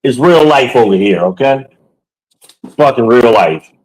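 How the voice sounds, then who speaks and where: A man's voice: mid-range voice, animated, measured pace, a little mellow, rough recording. A podcast host talks casually to viewers while walking through his home, boastful and joking, swearing freely.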